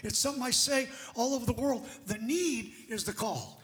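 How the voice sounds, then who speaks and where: A man preaching a sermon through an interpreter. He tells the story emphatically and builds to shouts. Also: very high voice, fairly quick.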